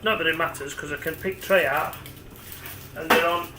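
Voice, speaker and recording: A man's voice: fairly high pitch, fairly even intonation, normal speed, echoey room, rough recording. A man, rambling chattily as he demonstrates cooking at home and talks to the camera. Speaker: home cook. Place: home kitchen.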